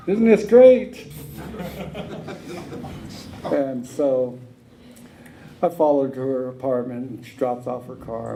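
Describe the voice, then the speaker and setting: A man's voice: medium pitch, creaky, dark tone, slight background noise, low-quality recording. A man speaking at a recovery meeting, telling his own story in a plainspoken, drawling way, with many "uh"s and "you know"s.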